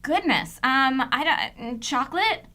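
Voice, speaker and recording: A woman with a bright, fairly high voice, co-hosting a casual panel chat. She is playful and dramatic and piles up long lists for effect. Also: lively intonation, unhurried. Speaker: co-host.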